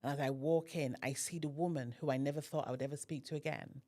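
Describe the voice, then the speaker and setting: This podcast guest has a deep voice and talks quickly. Animated throughout, she tells a personal tale and voices the dialogue in it.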